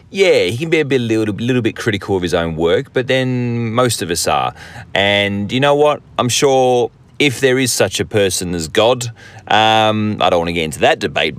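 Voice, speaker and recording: An Australian man hosting a hobby podcast, rambling and joking in a casual, self-deprecating way. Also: on the low side. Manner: rambling, jokey, self-deprecating, many fillers and restarts. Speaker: podcast host.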